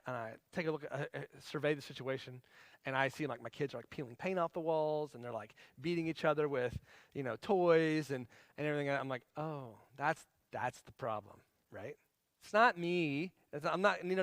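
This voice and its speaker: A man's voice: a little high, fairly bright tone, no echo, studio quality. A man in his forties teaching a marriage class in a casual, conversational way, acting out everyday scenes. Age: 40s.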